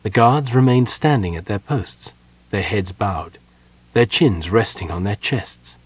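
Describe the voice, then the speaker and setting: A man narrating an audiobook in a measured, quiet way. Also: fairly low pitch, expressive, slightly rough, dry recording, poor audio.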